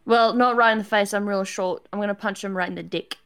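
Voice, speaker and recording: A woman's voice: medium pitch, steady tone, fast, fairly bright tone, clear, resonant tone. A woman playing a tabletop game, describing her moves hesitantly with many fillers. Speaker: player. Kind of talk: casual tabletop play.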